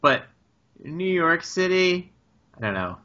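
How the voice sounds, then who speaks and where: Bright, lively man. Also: fairly high pitch, slow pace, lo-fi sound. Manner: curious, asks questions, laughs easily. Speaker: podcast co-host. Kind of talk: casual chat.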